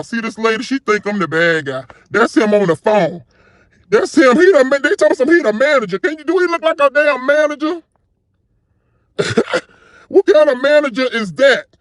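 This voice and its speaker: An older woman ranting to viewers on her phone camera, indignantly retelling an argument in animated bursts. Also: a little high, no room sound, clean studio sound. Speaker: customer filming a complaint. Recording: phone video with clear background noise.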